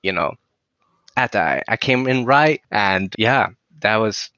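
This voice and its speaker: A man with a Swedish accent, Swedish his first language, tells a rambling story in English, leaning on "you know" and laughing as he goes. His voice is bright and forward. The sound is dry and close. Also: on the low side, expressive, takes it slowly, no echo, muffled recording. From southern Sweden. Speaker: musician guest. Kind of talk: casual storytelling.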